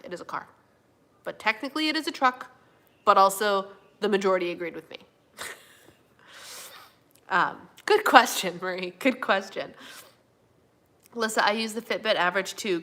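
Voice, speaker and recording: Bright-voiced woman chatting live with viewers. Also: mid-range voice. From Minnesota, USA. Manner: chatty, fillers and yawning, says y'all. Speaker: livestream host. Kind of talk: casual live chat reading viewer comments.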